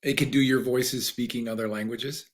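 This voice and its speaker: A man's voice: medium pitch, fairly even intonation, normal speed. A man hosting a podcast in casual conversation, curious and asking follow-up questions. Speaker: podcast host.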